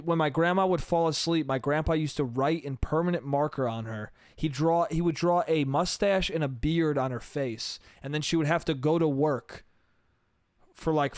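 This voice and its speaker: A man's voice: fairly high pitch, no echo, clean studio sound. A man from New York State hosting a solo podcast, rambling, swearing and laughing at himself. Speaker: podcast host.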